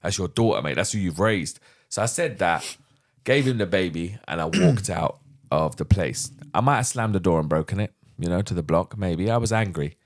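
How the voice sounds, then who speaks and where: A man's voice: low voice, moderate pace. A middle-aged man, a podcast guest, candidly retelling a personal story and acting out the dialogue. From London. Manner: animated, vivid retelling with acted-out dialogue.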